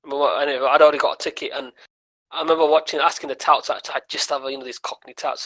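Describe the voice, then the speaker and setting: A man's voice: fairly high pitch, racing, rough recording. A man, a comedian guest on a podcast telling a story and acting out the voices of the people in it. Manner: animated, acts out quoted voices.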